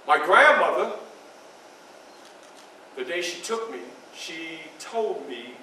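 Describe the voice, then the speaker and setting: Playing a formerly enslaved man who is grave and earnest, a male historical reenactor delivers a solemn, theatrical first-person account in a library event room. He stays fully in character, speaking slowly with lively intonation, his voice high and bright, and he hammers points through emphatic repetition. The audio comes from a far-off camera in a heavily echoing room, with a faint hum underneath.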